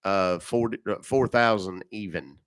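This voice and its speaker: A man's voice: deep voice, a little slow, a bit bright, dry recording, clean studio sound. A middle-aged man hosting a casual live stream, loose and joking, swearing freely, coughing and sniffling now and then. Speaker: livestream host baiting scammers.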